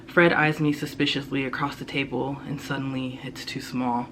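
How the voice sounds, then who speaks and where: A young man, a student, reading his own first-person fiction aloud in a steady, low-key way. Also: moderate pace, hardly any pauses, background noise. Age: young adult. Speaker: student reader.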